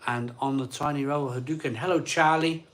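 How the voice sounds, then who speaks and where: A man's voice: mid-range voice, steady tone, brisk, a bit bright. A man hosting a casual live stream, reading out viewer comments and answering them in an offhand, chatty way.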